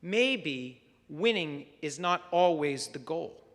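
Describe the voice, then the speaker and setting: A man preaching a sermon as rabbi, measured and reflective, weaving stories into his message. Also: on the high side, lively intonation, fairly bright tone. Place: synagogue sanctuary. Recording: long hall reverb.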